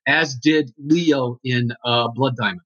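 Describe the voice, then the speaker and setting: Man, middle-aged, guest actor; relaxed, self-deprecating chat, dry muffled recording. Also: medium pitch, slow pace, no room sound. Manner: thoughtful, easygoing, self-deprecating. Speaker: actor and audiobook narrator. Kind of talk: casual chat.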